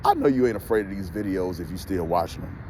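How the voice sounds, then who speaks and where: A man's voice: low voice, expressive, quick pace, dark tone, slight background noise. A man ranting heatedly to his viewers in a profane, repetitive vlog monologue. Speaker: vlogger.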